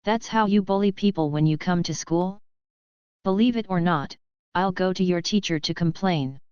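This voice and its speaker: A woman's voice: fairly low pitch, moderate pace, clear, resonant tone, dry recording, lightly acted. Woman voicing a fierce young wife. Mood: scolding. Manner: scolding, sharp-tongued. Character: fierce young woman protecting her husband. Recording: dull lo-fi dry audio.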